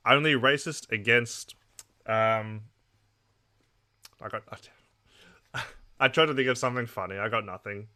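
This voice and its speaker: Bright-voiced Australian man streaming casually. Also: mid-range voice, unhurried, pauses often. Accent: Australian with a trace of English. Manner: rambling, reacting to chat messages. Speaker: political streamer. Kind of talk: casual live-stream chat.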